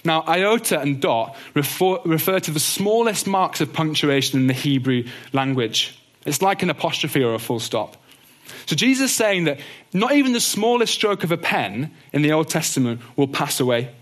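A man teaching a Bible lesson in an earnest, gentle way. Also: fairly high pitch, sing-song, moderate pace. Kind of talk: teaching talk on doctrine.

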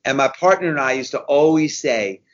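A man of fifty-one, a guest telling a race story in casual conversation, animated and repeating himself as he goes. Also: medium pitch, fairly quick, highs cut off. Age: 50s. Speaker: guest, endurance racer.

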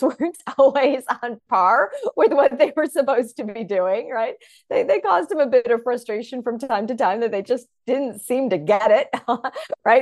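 A woman author and teacher from the Chicago area, a guest on a podcast, telling her story in an animated, enthusiastic way. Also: fairly high pitch, no echo, studio quality. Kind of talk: conversational interview.

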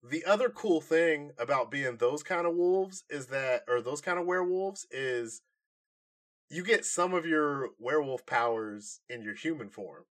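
A man co-hosting a podcast in casual chat, animated and laughing often. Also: on the high side, measured pace. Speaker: podcast co-host.

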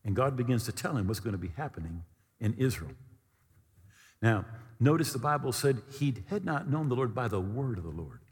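Man, pastor, sermon, husky tone, very lively pitch, storytelling preacher, big reverberant church hall. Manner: animated storytelling preacher, acts out quoted voices. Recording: long reverb of a large hall.

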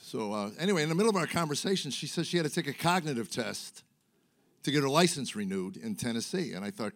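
A man's voice: medium pitch, big pitch swings, quick pace. Rambling middle-aged male stand-up comic. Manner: rambling, self-mocking storytelling with many fillers. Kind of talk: stand-up comedy set. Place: comedy stage before a live audience.

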